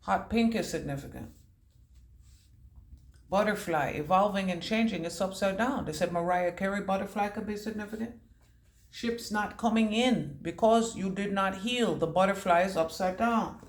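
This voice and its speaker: A woman's voice: medium pitch, moderate pace. Woman psychic reader, loose and punning, mid-range voice, echoey room. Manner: free-associating, punning, casually cussing. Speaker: intuitive reader. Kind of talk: channeled intuitive reading.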